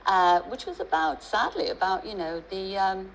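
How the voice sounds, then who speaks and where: A woman's voice: medium pitch, animated, moderate pace, fairly bright tone, slight background noise, poor audio. A middle-aged woman with a Liverpool accent, a chat-show guest who talks in a chatty, storytelling way with many restarts and asides.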